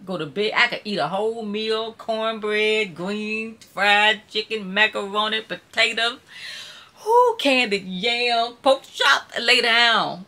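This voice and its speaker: A YouTuber hosting a live stream, this woman from Mississippi speaks with a Southern accent in a slightly high voice that comes across pushed and bright. She keeps things casual and folksy with her viewers.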